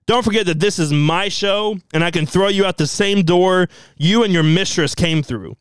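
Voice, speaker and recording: A man's voice: high voice, normal speed, smooth, dry recording, natural voice. A man voicing a stern, commanding wrestling show boss. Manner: commanding, scolding.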